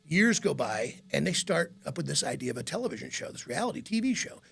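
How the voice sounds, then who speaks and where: A middle-aged man with a gravelly, raspy voice, a radio host telling rambling stories in a casual interview and laughing often. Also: on the high side, fast. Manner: rambling, animated anecdotes with frequent laughs.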